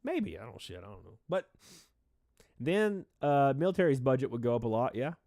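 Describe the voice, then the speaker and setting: A man's voice: mid-range voice, very animated, a little fast, gravelly, dry recording, studio quality. A man hosting a casual livestream, rambling and reading out chat names, stuffy-nosed and a little out of breath. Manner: rambling, reads chat names aloud, shouts out donors. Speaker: livestream host.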